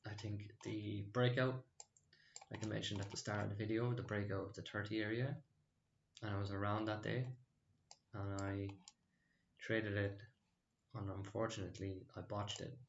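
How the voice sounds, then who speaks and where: Gravelly low-voiced man, rambling. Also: level tone, normal speed, pauses often, roomy sound, highs cut off, a little hiss or hum. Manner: rambling, hesitant, lots of fillers and restarts. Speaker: stock trading channel host. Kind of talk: casual screen-share trading recap.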